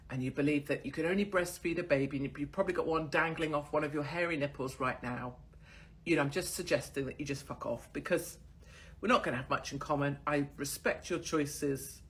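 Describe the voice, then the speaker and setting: A woman's voice: sits low, fairly quick, a little hiss or hum. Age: 40s. Sex: woman. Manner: crude, sardonic ranting. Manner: crude, sardonic and mocking, swearing freely. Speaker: host of her own online show. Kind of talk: casual ranting monologue to camera.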